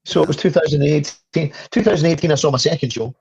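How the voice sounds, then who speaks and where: A man's voice: fairly high pitch, fast, creaky, darkish tone, slightly rough, no room sound, poor audio. A Scottish man in his fifties, a guest telling a story in casual conversation, full of stuttered restarts and the odd swear. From Scotland. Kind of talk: casual interview chat.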